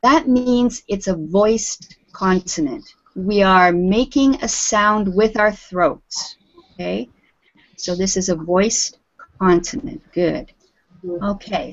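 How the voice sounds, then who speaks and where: Brief: unhurried woman English teacher, encouraging, muffled video-call sound. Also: mid-range voice. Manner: patient, encouraging, calls on students by name. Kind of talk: live online group lesson. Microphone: video call audio. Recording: dull lo-fi video call audio.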